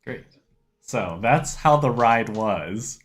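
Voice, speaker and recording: A man narrating a tabletop game as its game master, in a relaxed, unhurried way. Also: medium pitch.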